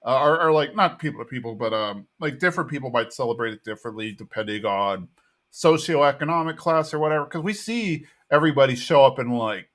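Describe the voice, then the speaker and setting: A man's voice: medium pitch, lively intonation, brisk, a bit bright. A man co-hosting a podcast, recapping a TV episode in easygoing casual chat and thinking aloud as he goes. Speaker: podcast co-host.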